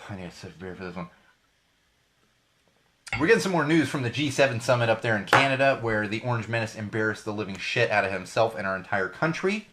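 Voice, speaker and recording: Speaking from a small home studio, this man hosts a podcast live stream alone and launches into a heated, foul-mouthed rant about the news, hammering phrases by repeating them. His pitch sits fairly low and his tone is a bit bright.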